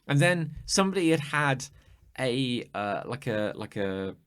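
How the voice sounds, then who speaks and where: A man from New Zealand, co-hosting a casual podcast chat, animatedly retelling scenes and dropping his voice low to mimic officials. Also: big pitch swings, measured pace, fairly bright tone, clear, resonant tone. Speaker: podcast co-host.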